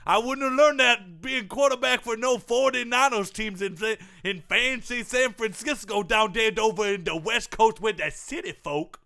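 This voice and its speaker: A man's voice: high voice, moderate pace, creaky, hardly any pauses, sharp tone, exaggerated voice. A man in a comedy sketch impersonating a football quarterback who talks in a put-on Cajun drawl as a swamp tour guide, rambling and folksy. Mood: hammy.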